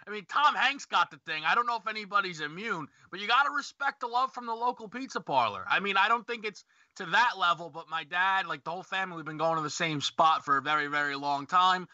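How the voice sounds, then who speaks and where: A man co-hosting a show in casual chat, relaxed and chuckling as he reacts. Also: high-pitched, quick pace, few pauses, no room sound. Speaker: co-host. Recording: dry, dull lo-fi audio.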